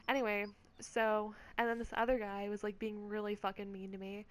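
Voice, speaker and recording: A woman's voice: mid-range voice, flat delivery, fairly quick, a bit bright, a little hiss or hum. A woman gamer vlogger telling a story in a casual, rambling rant, swearing often and filling her speech with "like". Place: at home.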